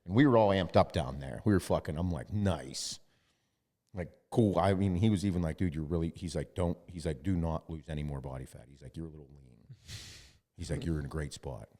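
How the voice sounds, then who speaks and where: Low-voiced man telling a profane story. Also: fast, warm tone, big-room sound. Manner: profane storytelling, quoting others. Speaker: podcast host. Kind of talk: casual chat.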